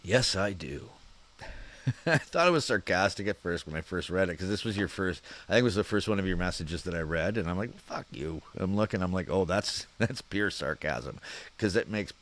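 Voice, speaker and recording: A man hosting his channel, reading out viewer comments in a relaxed, chuckling chat and swearing freely. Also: deep voice, moderate pace. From Canada. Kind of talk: casual chat.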